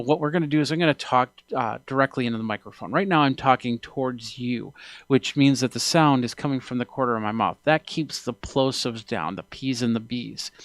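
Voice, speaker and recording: A man's voice: mid-range voice, fairly bright tone, dry recording. A man, a tech reviewer, casually demonstrating a product and explaining each step as he goes, speaking close into a studio microphone. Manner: explanatory, walks through steps with fillers. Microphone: studio podcast mic close to mouth.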